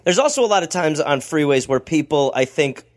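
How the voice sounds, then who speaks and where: A man co-hosting a comedy podcast, tossing off joking riffs in casual banter. His voice sits high and moves about a lot as he jokes. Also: sing-song. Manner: joking riffs with quick pop-culture cracks. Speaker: podcast co-host.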